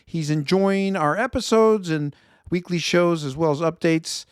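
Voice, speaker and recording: Man, Chicago accent, investment show host, high voice, casual market commentary. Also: unhurried, smooth, no room sound, clean studio sound. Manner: conversational, reads viewer feedback, self-correcting.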